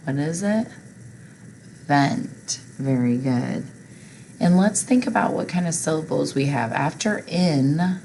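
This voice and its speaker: A woman's voice: deep voice, dark tone, slight background noise, low-quality recording. A woman teacher patiently walking learners through a recorded reading lesson step by step.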